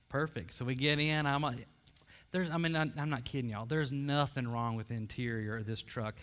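Lively preacher telling a story. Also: male voice, mid-range voice, normal speed. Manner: animated, self-deprecating storyteller addressing the congregation. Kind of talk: storytelling sermon.

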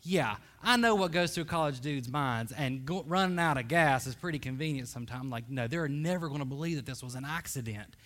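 Lively preacher telling a story. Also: male voice, mid-range voice, fairly quick, few pauses. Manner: animated, self-deprecating storyteller addressing the congregation. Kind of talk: storytelling sermon.

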